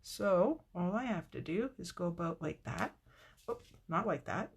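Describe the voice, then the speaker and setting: A woman's voice: on the low side, lively intonation, unhurried, creaky, slightly rough. Chatty woman crafting on camera. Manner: chatty, talks to viewers by name, laughs often. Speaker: card-making demonstrator. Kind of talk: casual live craft tutorial.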